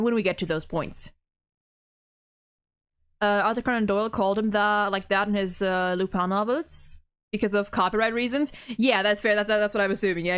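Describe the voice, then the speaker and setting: A woman's voice: medium pitch, fairly bright tone, clean tone. A young woman streaming a game, chatting casually with many restarts and fillers. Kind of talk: casual let's-play commentary.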